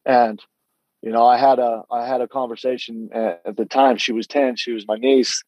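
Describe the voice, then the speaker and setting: A middle-aged man tells his own story with quiet earnestness, stumbling and restarting as he acts out the voices of others. His voice is mellow and dark, recorded close and dry with a slightly muffled, lo-fi sound. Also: medium pitch, little pitch movement, dry recording. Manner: earnest, halting storytelling with many restarts and acted-out dialogue. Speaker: guest telling his story. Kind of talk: candid personal testimony.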